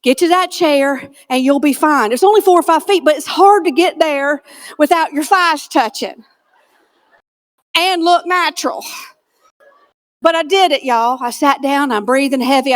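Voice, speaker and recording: A woman's voice: sits high, moderate pace. A woman giving a comedic motivational keynote, folksy and self-deprecating, with punchline delivery on a conference stage. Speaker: keynote speaker. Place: conference stage before a live audience.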